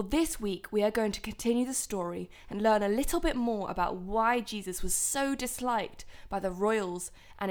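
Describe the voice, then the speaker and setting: A woman teaching a Bible lesson to children in a gentle way, asking her listeners questions. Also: mid-range voice.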